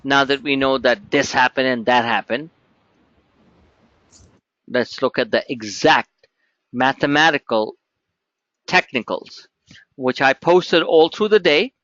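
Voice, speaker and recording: A man's voice: medium pitch, slow, pauses often, fairly bright tone, no echo, lo-fi sound. A man hosting a live trading webinar, talking emphatically and repeating himself as he walks viewers through charts. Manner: emphatic, repetitive, talks straight to viewers.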